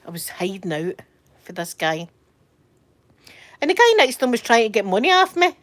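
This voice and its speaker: A woman's voice: fairly high pitch, very animated, normal speed, a bit bright, slight background noise. A Scottish woman chatting casually from bed during a livestream, telling rambling stories and answering viewer comments. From Scotland. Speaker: livestream host. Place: in bed at home.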